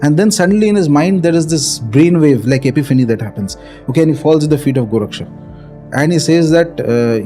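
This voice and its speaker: A man's voice: on the high side, lively intonation, fast, dark tone, soft background music. A man telling a spiritual legend in a casual podcast chat, with many fillers and some Hindi phrases. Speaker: podcast guest storyteller. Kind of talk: casual spoken storytelling.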